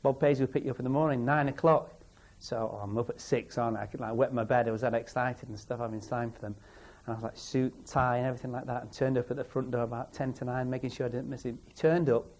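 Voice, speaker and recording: A former player in a documentary interview, telling an excitable, lively story. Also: male voice, medium pitch, fast talker, hardly any pauses.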